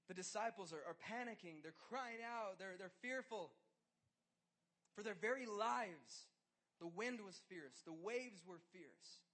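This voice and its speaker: A man with a notably high voice preaches a casual sermon, peppered with "like" and restarts. He sways from soft, hushed questions to loud, urgent pleas. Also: expressive, a little slow. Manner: swings between loud urgency and hushed intimacy; conversational, filler "like".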